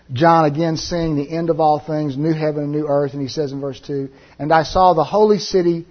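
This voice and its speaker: Male preacher, slightly high husky voice, slow scripture reading then halting explanation full of fillers, dull lo-fi recording. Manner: reads scripture aloud slowly, then explains with many "uh" fillers. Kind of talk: Bible teaching sermon.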